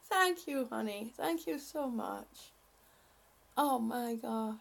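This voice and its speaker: A woman's voice: a little high, expressive, very slow, gravelly. A woman on a live stream reading out viewer comments and thanking them, emotional and laughing often, a little short of breath.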